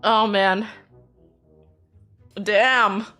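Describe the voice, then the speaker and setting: A woman's voice: medium pitch, fairly even intonation, extremely slow, bright, forceful tone, faint music behind. A young woman streaming live, chatting casually with her viewers in a blunt, teasing way and laughing often. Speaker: streamer reacting to viewer clips.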